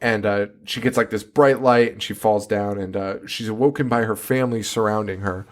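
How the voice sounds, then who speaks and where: A podcast host with a lowish, steady voice chats casually at a moderate pace while reviewing a movie. He swears a lot, laughs often, and acts out scenes and characters in silly voices.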